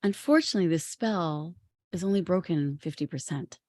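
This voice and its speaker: A woman voicing a gentle enchanted young woman who speaks softly and low, inside a told story. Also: normal speed, no echo, natural voice.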